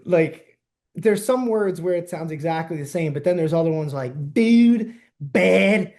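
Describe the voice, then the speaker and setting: Animated ranting young man, mellow voice. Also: a little high, moderate pace. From New Jersey–New York area. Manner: animated, ranting, laughs often. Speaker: podcast host. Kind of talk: casual podcast chat.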